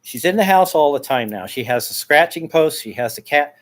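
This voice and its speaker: A man's voice: a little high, animated, normal speed. A man speaking a casual monologue addressed to his neighbor, rambling with many restarts and repeated words as he airs his complaints. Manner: aggrieved, airing complaints.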